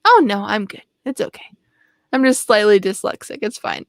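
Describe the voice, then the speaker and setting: A woman's voice: medium pitch, very animated, normal speed, no room sound. A woman chatting casually on a writing livestream video call, talking into a close desk mic and laughing often at herself. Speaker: livestream co-host. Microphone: desk microphone close up.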